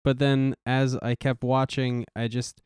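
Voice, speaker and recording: Relaxed man musing in podcast chat. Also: medium pitch, measured pace, clean tone, no echo, clean studio sound. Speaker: podcast co-host. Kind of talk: casual movie-review chat.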